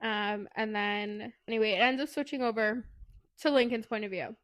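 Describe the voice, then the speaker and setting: Woman talking fast, retelling a book, swears a lot, kinda high pitched. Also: fairly even intonation, fairly bright tone. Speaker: podcast co-host. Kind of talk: casual book recap.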